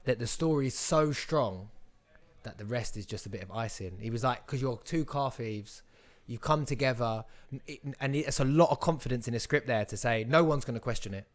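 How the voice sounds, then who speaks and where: A man's voice: medium pitch, animated, moderate pace. A young man, an actor guest in a casual podcast chat who rambles, restarts often and acts out quotes.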